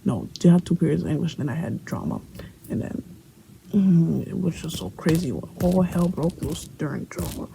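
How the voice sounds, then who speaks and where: A woman's voice: on the low side, normal speed, gravelly, warm tone, a little hiss or hum, poor audio. A young woman from Brooklyn with a New York accent tells a storytime vlog in a blunt, profane, joking way, acting out what the other people said. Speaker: vlogger telling a story. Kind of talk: casual storytime monologue.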